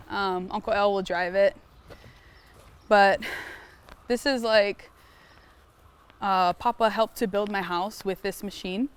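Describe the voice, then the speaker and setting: A young woman from Hawaii, a pig farmer telling stories casually and animatedly on a farm tour. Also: medium pitch. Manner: animated, lots of "like", acts out sounds. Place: outdoors on a farm.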